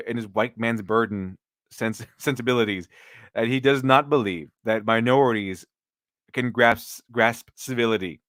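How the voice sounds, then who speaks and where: A man's voice: mid-range voice, fairly bright tone, no room sound, studio quality. A man hosting a casual live stream, rambling with many restarts and mocking critics sarcastically.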